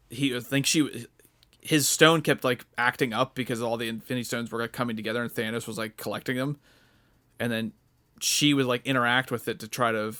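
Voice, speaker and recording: A young man in a casual podcast chat, his voice sitting at an ordinary middle pitch. He rambles, circles back, and fills the gaps with likes and uhs as he works his way through a retelling. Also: sharp tone. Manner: rambling, many fillers and restarts. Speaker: podcast co-host.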